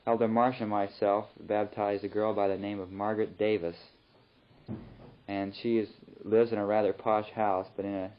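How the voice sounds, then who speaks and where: A young missionary man recording a rambling, relaxed spoken letter home in his flat. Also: lowish voice, moderate pace. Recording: muffled old tape recording.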